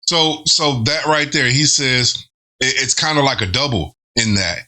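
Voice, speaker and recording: A man's voice: mid-range voice, measured pace, pushed and bright, a little hiss or hum. A man hosting a reaction video, thinking aloud about lyrics in casual commentary, with restarts and chuckles. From not from Britain.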